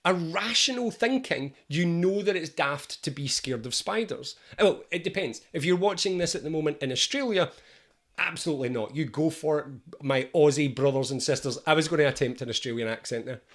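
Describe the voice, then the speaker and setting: A middle-aged man coaching viewers on anxiety, talking straight to the camera. His voice sits a little high, and he keeps it animated and chatty, slipping in jokes as he goes. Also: fairly quick. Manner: animated, jokey and conversational. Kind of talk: educational talk to camera.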